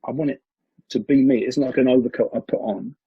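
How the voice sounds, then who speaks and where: A man, a martial arts coach, telling animated stories in a conversational interview, often restarting his sentences. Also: medium pitch, fast talker, vocal fry, slightly rough, dry recording. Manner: animated storyteller with frequent restarts. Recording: dull lo-fi recording.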